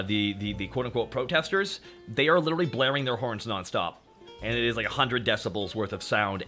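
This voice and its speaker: A man's voice: fairly low pitch, bright, forceful tone. A young Canadian man with a Canadian accent, streaming a game and chatting to his viewers in a casual, profane, ranting way. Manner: profane, ranting, talks to chat. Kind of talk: casual gaming stream chat.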